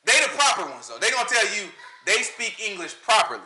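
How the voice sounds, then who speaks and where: A man's voice: high voice, lively intonation, fast, sharp tone, a little hiss or hum. A man with a country Southern American accent giving an informal Sabbath Bible lesson, firing rhetorical questions and often laughing. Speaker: Bible study teacher. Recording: echoey room.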